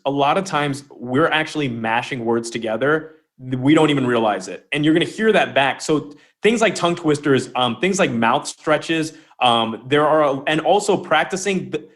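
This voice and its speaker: A man's voice: mid-range voice, lively intonation, moderate pace, hardly any pauses, fairly bright tone. A man who is a guest author on a podcast, talking playfully and demonstrating different ways of speaking. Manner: playful, demonstrative, shifts voice to illustrate. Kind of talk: casual conversational interview.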